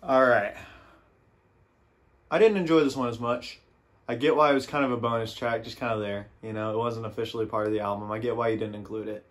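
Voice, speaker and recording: A young man hosting a casual album reaction, rambling and relaxed with many "you know"s. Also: mid-range voice, brisk. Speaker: music reaction host. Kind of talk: casual album review chat.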